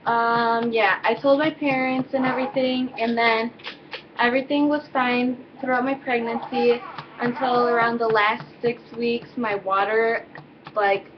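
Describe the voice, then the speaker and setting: A woman's voice: a little high, fairly even intonation, unhurried, muffled recording, noisy background. A teenage girl telling a personal story in a loose, rambling way, full of fillers and self-corrections, recorded at home. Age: teens. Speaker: vlogger. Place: home, indoors with baby.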